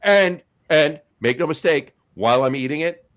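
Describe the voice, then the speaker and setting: A man's voice: a little high, lively intonation, normal speed, fairly bright tone. A man, co-hosting a podcast in casual chat, rambling with many restarts. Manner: rambling, full of restarts and fillers. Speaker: podcast co-host.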